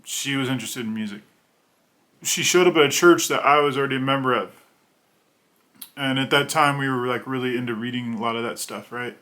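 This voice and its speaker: A man's voice: medium pitch, brisk, pauses often, bright, forceful tone. A man in his thirties, a children's book illustrator, telling a rambling personal story to camera in a conversational way and acting out the voices in his anecdotes. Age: 30s.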